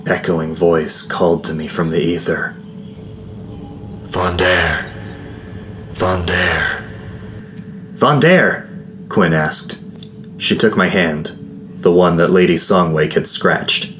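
A man narrating a first-person fantasy adventure in a steady, measured storytelling voice. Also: sits low, slight background noise. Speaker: audiobook narrator.

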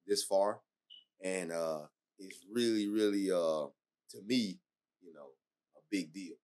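A man's voice: low-pitched, takes it slowly, darkish tone. A man hosting a podcast who asks rambling, hesitant questions full of restarts. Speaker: podcast host. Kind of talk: casual interview talk.

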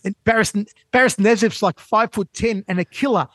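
A man co-hosting a sports show, telling stories in an animated way with fast bursts of speech. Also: sits high, no echo. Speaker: show co-host and interviewer. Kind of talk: casual sports show chat.

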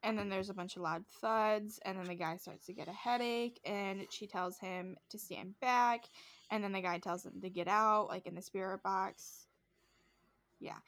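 A young woman co-hosts a podcast in a steady, slightly bright mid-range voice at normal speed. She casually retells a show's plot in rambling storytelling chat, packed with filler, likes and quoted voices.

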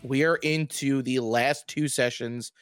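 A man's voice: mid-range voice, fairly even intonation, a little slow, fairly bright tone, clear, resonant tone, no room sound, soft background music. A man narrating as game master of a tabletop game over a voice call, upbeat and playful with loose narration.

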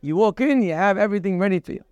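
High, smooth-voiced man giving a Torah class. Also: racing, dry recording, lo-fi sound. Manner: animated, rhetorical questions, quotes Hebrew verses. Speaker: rabbi teaching a class.

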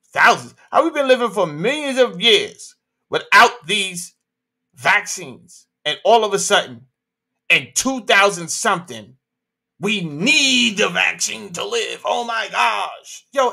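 A man with a high, sharp voice and vocal fry hosts a livestream, delivering animated opinion talk. He speaks emphatically in slang and peppers it with rhetorical questions.

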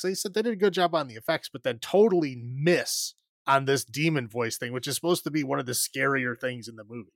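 In a casual film review chat, a podcast co-host talks fast in a medium-pitched, slightly bright voice. He rambles, sounds exasperated, and often restarts or uses fillers; there's no room sound.

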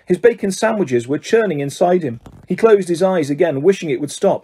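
A man reading a storybook aloud with a husky, mellow tone. His pitch moves a lot and sits a bit high. Expressive throughout. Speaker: audiobook reader.

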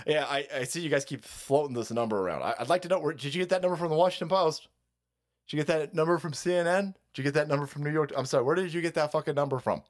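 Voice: mid-range voice, very fast. A livestream host ranting about politics, reading out viewer comments and mocking them with heavy profanity. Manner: reads and mocks viewer comments.

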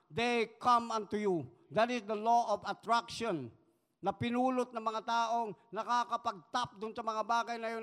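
A man's voice: very high voice, a bit bright, long reverb tail. A man with a Filipino accent preaching a rousing, emphatic sermon and mixing English with Tagalog. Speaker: pastor.

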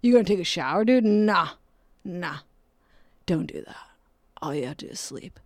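A woman's voice: fairly low pitch, lively intonation, moderate pace, dry recording, studio quality. A woman voicing her own inner voice of depression, a lazy and coaxing presence that drawls and keeps saying dude. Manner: drawling, slouchy, calls everyone dude.

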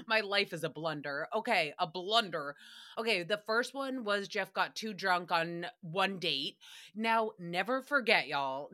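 A woman's voice: medium pitch, pushed and bright. A young adult woman hosting a casual solo podcast recap, chatty, profane and sarcastic. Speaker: podcast host recapping a radio show.

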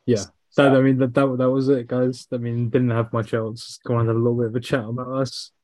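A man's voice: medium pitch, flat delivery, fast, a little mellow, no room sound. A man in his twenties, easygoing and enthusiastic, often repeating himself in a casual chat. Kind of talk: casual chat among old friends.

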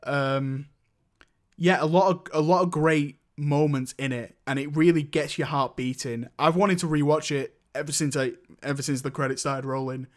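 A man's voice: fairly high pitch, steady tone, moderate pace. A young man in casual chat, reviewing films with a rambling manner and many restarts. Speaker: podcast co-host reviewing films.

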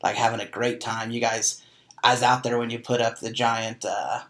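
Flat-toned man hosting an interview. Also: medium pitch, moderate pace. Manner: emphatic, recapping the guest's story. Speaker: host. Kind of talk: casual interview chat.

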